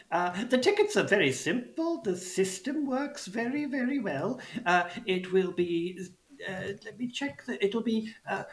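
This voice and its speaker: A man's voice: high voice, fairly bright tone, echoey room, voice pushed up, heavily acted. A man putting on a fussy old goblin clerk. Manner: prim, chatty, hesitant with many uhs. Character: elderly male goblin ticket seller, fussy and polite.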